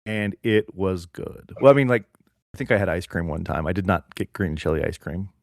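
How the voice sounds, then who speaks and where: A man's voice: sits low, lively intonation, brisk, vocal fry, dry recording, studio quality. A man in his thirties co-hosting a podcast, chatting in a playful, jokey way. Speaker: podcast co-host. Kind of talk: casual chat.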